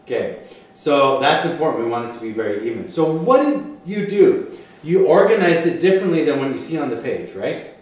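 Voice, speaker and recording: A man's voice: on the high side, very animated, brisk. A man teaching a one-on-one clarinet lesson, encouraging his student, counting aloud and singing phrases. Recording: echoey room from a distance, faint noise.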